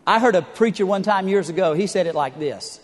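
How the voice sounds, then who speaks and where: A man's voice: high-pitched, animated, brisk, in a large hall. A middle-aged male pastor preaching a sermon, telling stories with humor and building to emphatic points. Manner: storytelling with humor, rising emphatic delivery.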